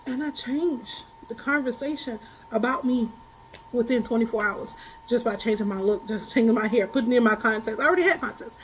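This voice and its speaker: A woman tarot reader chatting casually about spiritual lessons, animated and blunt, laughing often as she tells stories. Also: on the high side, brisk, slight background noise, poor audio. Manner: blunt, colloquial.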